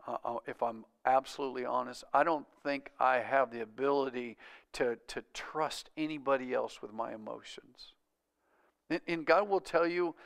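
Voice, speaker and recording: A male pastor preaching a sermon, calling out for amens and swinging from loud, urgent bursts to hushed, quiet lines. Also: mid-range voice, moderate pace, gravelly. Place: church sanctuary.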